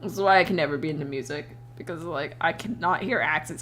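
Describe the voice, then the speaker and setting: A young adult woman chats casually on stream as she draws, her voice sitting a little low. She tells lively anecdotes, acts out what people said, laughs often and swears freely. A faint hum runs underneath. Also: fast. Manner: animated storytelling with voiced quotes. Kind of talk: casual chat while drawing on stream.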